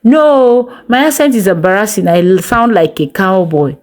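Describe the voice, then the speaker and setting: A woman voicing a charming, smooth-talking male online suitor who speaks in a warm, relaxed, flattering way. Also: medium pitch, moderate pace, natural voice. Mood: flirty.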